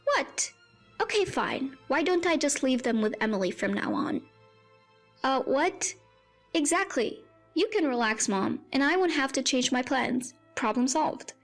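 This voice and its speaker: Entitled demanding mother, scornful and pushy, pitched up high, woman narrator doing the voice. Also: lively intonation, measured pace, soft background music.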